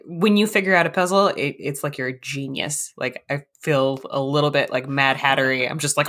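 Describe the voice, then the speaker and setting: A woman co-hosting a casual podcast chat, enthusiastic and quick to laugh. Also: a bass voice, a bit bright. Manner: enthusiastic, giggly. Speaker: podcast co-host.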